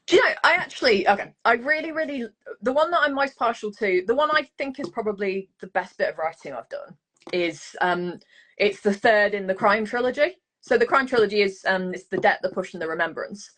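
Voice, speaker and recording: A woman's voice: mid-range voice, lively intonation, brisk, fairly bright tone. A woman from England with a Leicester accent, chatting as a guest author over a video call, swearing freely and filling her talk with "like" and "you know". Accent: Leicester English. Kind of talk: casual video call chat.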